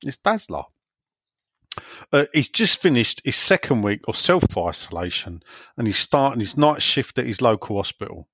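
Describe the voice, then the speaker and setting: A man's voice: mid-range voice, big pitch swings, normal speed, fairly bright tone, dry recording. A man hosting a casual podcast, joking around and reading listener questions aloud. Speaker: podcast host.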